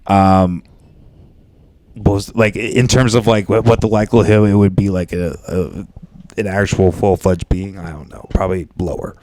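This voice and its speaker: Low-voiced rambling podcast guy. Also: fairly even intonation, normal speed, darkish tone, no echo. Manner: rambling, hedging with lots of "like". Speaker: podcast co-host. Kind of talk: casual chat.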